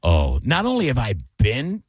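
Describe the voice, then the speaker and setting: A man hosting a radio talk show, ranting casually and jumping into loud, high yells. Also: huge pitch swings, normal speed, no room sound. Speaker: radio host. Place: radio studio.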